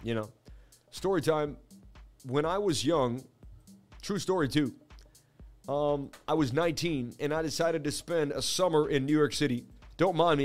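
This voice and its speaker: A man's voice: fairly high pitch, brisk, soft background music. A man hosting a crypto livestream, chatting casually and joking as he rambles into a story. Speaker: crypto market streamer.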